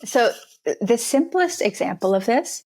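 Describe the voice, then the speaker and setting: A woman talking as a podcast guest in a relaxed interview, stressing her points by repeating phrases. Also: on the high side, unhurried. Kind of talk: conversational interview.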